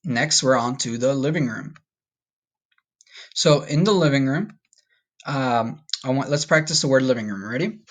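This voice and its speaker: A man teaching a recorded Spanish vocabulary lesson, patient and upbeat, slowing down to repeat each word. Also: medium pitch. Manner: patient, slow repetition drills with upbeat asides.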